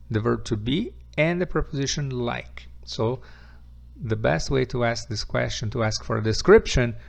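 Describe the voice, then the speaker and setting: A male English teacher with a heavily gravelly, creaky voice, talking through grammar points patiently. His first language is Portuguese, and he slows down to repeat example sentences for his students. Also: medium pitch. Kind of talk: online English grammar lesson.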